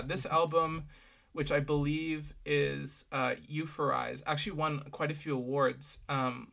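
Guy with a gravelly voice chatting casually on his podcast, lots of ums. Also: medium pitch. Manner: relaxed, hesitant, lots of fillers. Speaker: podcast host. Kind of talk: casual educational chat.

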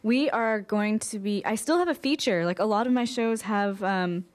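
A woman's voice: medium pitch, moderate pace. Woman doing college radio between tracks, laid back, lots of ums. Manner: relaxed, with fillers and self-corrections. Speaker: radio host. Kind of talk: casual radio chat.

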